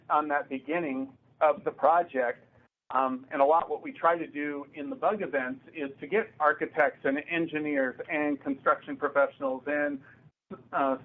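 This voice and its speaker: A man with a somewhat high voice explains software pitfalls to a user group. He is clear and advisory and gives worked examples. The audio is narrow and tinny, like a phone call. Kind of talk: explanatory meeting talk.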